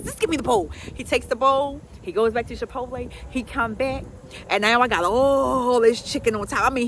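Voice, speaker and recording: A middle-aged woman talks as a health coach, folksy and emphatic, turning preachy. Her voice sits high and swings widely up and down. Steady traffic and outdoor noise run under her. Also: poor audio. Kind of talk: casual storytelling to camera.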